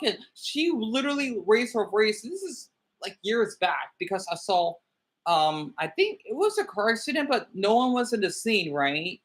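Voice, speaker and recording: A man's voice: high-pitched, a bit bright. A man livestreaming commentary and reading viewer comments aloud. He rambles, sounds irritable, and often stumbles and repeats words.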